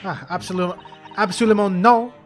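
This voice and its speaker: A man's voice: high-pitched, fairly even intonation, normal speed, voice pushed up, lightly acted. A man voicing a stern, flustered French woman who runs a wax museum, with a clumsy fake French accent. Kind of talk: reading game dialogue aloud. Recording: game music playing behind.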